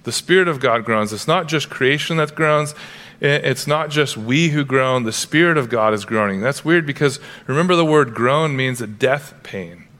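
A man's voice: medium pitch, normal speed, fairly bright tone. A male pastor preaching a sermon, earnest and emphatic, breaking into playful asides now and then.

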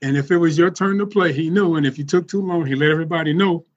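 Podcast guest: husky man, fairly high voice, lively anecdotal delivery, muffled lo-fi sound. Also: fast talker. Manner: animated, laughs often while telling stories. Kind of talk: casual storytelling.

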